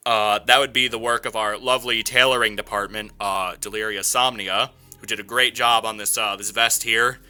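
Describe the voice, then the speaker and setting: Man doing a formal intercom announcer, lowered voice, stiff delivery, very bright tone. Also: fairly even intonation, normal speed, few pauses, clean tone, soft background music. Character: formal adult male live-show intercom announcer. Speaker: esports caster.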